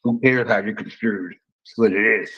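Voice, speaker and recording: A man's voice: on the low side, moderate pace, a bit bright, slightly rough, muffled recording. A man in casual podcast banter, blunt and dismissive, with a drawling way of talking.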